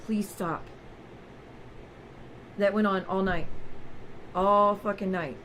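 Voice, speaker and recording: A woman's voice: medium pitch, steady tone, measured pace, fairly bright tone, slight background noise, poor audio. A woman vlogger telling a personal story straight to her viewers in a raw, candid way.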